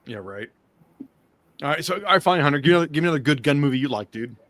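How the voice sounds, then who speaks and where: An American man hosting a podcast in casual chat, animated and swearing freely as he talks. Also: on the high side, no echo. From United States. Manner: fast, animated, swears a lot, excitable. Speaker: podcast host.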